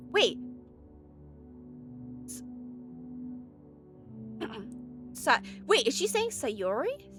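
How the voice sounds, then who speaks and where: A young woman playing a game for the first time, reacting with shrieks and mumbling as she tries to make sense of it. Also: a little high. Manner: excitable, shrieking reactions, mumbling while puzzling. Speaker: game streamer. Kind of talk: let's play commentary.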